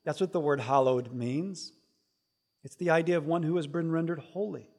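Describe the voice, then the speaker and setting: A middle-aged man preaching a sermon as pastor, swinging between hushed asides and loud, emphatic lines. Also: fairly high pitch, moderate pace.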